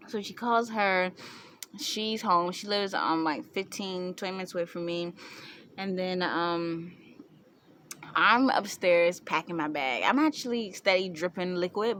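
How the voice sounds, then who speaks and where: A woman's voice: fairly low pitch, fairly bright tone, a little hiss or hum. A young woman vlogger casually telling a story to the camera, chatty, with frequent laughter. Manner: chatty, laughing often, many fillers.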